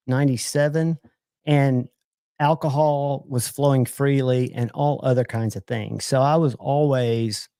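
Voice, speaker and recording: A man's voice: medium pitch, warm tone, no room sound. A middle-aged man hosting a livestream, chatting casually and joking as he tells rambling stories. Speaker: livestream host.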